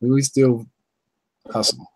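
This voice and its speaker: A man's voice: medium pitch, level tone, takes it slowly, a little mellow, no room sound, rough recording. A man from North Carolina with a Southern accent, hosting a casual live-stream chat in a folksy, drawling way and reading viewers' comments aloud.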